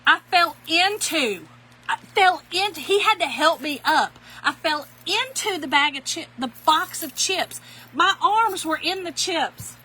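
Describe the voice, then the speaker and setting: A woman's voice: very high voice, animated, a little slow, sharp tone, slight background noise, poor audio. A middle-aged woman, chatting folksily to viewers while demonstrating a craft and telling a funny story. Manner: folksy, giggly, addresses viewers as y'all. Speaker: craft tutorial host.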